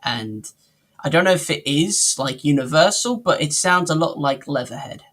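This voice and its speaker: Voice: mid-range voice, expressive, moderate pace, a bit bright. A co-host in a casual cartoon review chat, hesitant and often searching for words. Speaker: podcast co-host.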